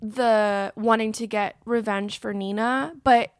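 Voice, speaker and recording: A woman's voice: on the high side, steady tone, takes it slowly, dry recording, clean studio sound. A young woman co-hosting a podcast, casually retelling film scenes and acting out the characters' lines. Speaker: podcast co-host. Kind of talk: casual film recap chat.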